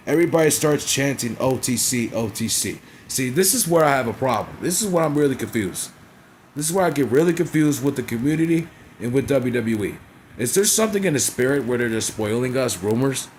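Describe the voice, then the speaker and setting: A man's voice: medium pitch, expressive, fairly quick, a little hiss or hum. A man casually recapping a wrestling show in a vlog, blunt and profane, constantly checking in with "right?" and "you feel me?".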